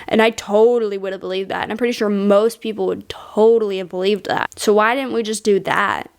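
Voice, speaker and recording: A woman chatting casually in a show review, frank and exasperated, tossing in quick asides and the odd swear. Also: medium pitch, steady tone, vocal fry, smooth.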